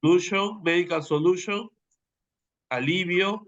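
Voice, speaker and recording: Spanish-speaking male learner, gravelly, hesitant repeats, muffled lo-fi audio. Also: high-pitched, moderate pace, fairly bright tone. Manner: hesitant, repeats words after the teacher. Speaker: student. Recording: dull lo-fi audio.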